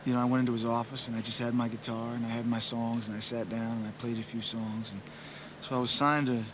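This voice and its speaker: A man's voice: medium pitch, little pitch movement, fast, noisy background. A man in his forties, a musician, giving rambling, reflective interview answers full of "you know" fillers.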